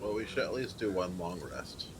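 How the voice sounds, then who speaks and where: Man, tabletop player, very deep voice, practical tone. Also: moderate pace, over music. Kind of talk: casual tabletop play.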